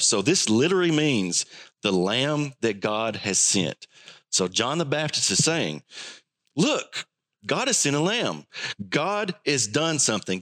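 A man preaching a sermon, acting out the voices of the people he quotes. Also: medium pitch. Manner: animated, acts out quoted voices. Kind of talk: sermon teaching.

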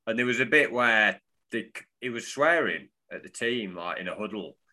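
A man's voice: lowish voice, lively intonation, normal speed, pushed and bright. A man co-hosting a football fan podcast, chatting in a playful way and laughing as he talks. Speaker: podcast co-host. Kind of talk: casual football fan chat.

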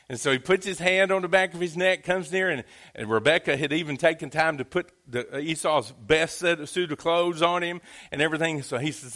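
A man's voice: fairly high pitch, a little fast, fairly bright tone. A man preaching a sermon in a folksy, conversational storytelling manner. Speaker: pastor.

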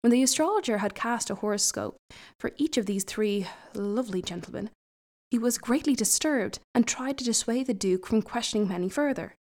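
A woman's voice: a little high, expressive, fairly quick, darkish tone. A woman reading a folk tale aloud, breaking off now and then for chatty asides. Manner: chatty asides between passages. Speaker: storyteller.

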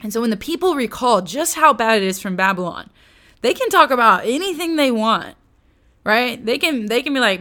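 A woman teaching the Bible in a casual, conversational way, with slangy asides and lively retellings. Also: on the high side, moderate pace.

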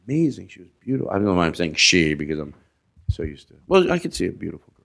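A man's voice: deep voice, very animated, fast talker, gravelly, noisy background. A man, a comedian, chatting casually on a podcast, rambling through stories and acting out the people in them. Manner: rambling, restarts and acts out quoted voices. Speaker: comedian guest.

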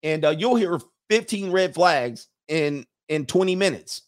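A man's voice: on the high side, a little slow, few pauses. A man hosting a livestream in casual chat, reading viewer comments aloud, rambling and chuckling as he loses his train of thought.

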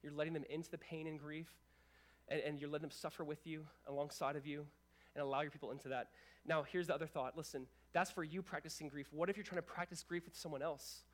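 The speaker is a young adult pastor, male, with a fairly high-pitched voice. His sermon comes across as energetic and conversational, peppered with fast comments aimed at the congregation.

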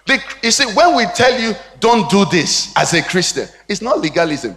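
High-voiced Nigerian pastor preaching in a hall. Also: male voice, sing-song, normal speed, fairly bright tone. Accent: Nigerian English. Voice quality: rhythmic preaching cadence with call-and-response questions. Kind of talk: sermon. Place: church hall. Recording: long reverb of a church hall.

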